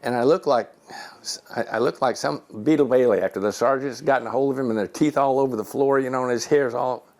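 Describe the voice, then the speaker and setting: A man's voice: mid-range voice, quick pace. A man in his seventies, a retired Air Force general, telling personal stories in his home and acting out the voices in them. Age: 70s. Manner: animated storyteller who acts out quoted voices.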